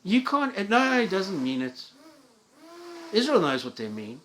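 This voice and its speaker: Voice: mid-range voice, very animated, unhurried, fairly bright tone, a little hiss or hum. A vlogger delivering an angry, profane solo rant to viewers, with heated stammering restarts.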